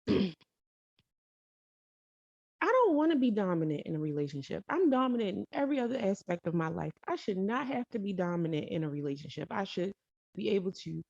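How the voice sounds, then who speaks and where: A woman's voice: on the low side, creaky, darkish tone, no room sound. A woman telling a personal story in a casual, rambling way, correcting herself and adding emphatic asides. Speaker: storytelling vlogger. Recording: dull lo-fi dry recording.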